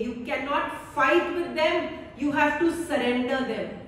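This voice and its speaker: A woman with a high voice speaks slowly and calmly, giving a devotional scripture talk with gentle repetition. Her voice is picked up from a distance in a very echoey hall with a long reverb tail. Faint room ambience sits underneath. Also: a little hiss or hum. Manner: slow, calm, meditative delivery with repeated phrases. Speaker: spiritual teacher.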